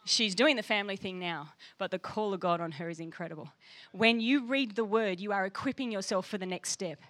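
A woman's voice: medium pitch, a little fast, a bit bright. A woman pastor preaching a sermon with passion and emphasis, reading scripture aloud.

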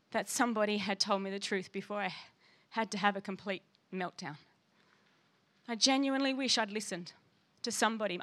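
A woman's voice: mid-range voice, bright, forceful tone. A woman pastor preaching a sermon with passion and emphasis, reading scripture aloud.

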